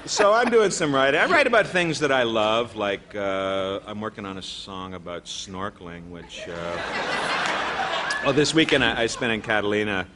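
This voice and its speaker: A man's voice: on the low side, expressive, moderate pace. A man guesting on a late-night talk show, rambling in a dopey, laid-back comic way in front of a live audience. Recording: noisy broadcast with studio audience.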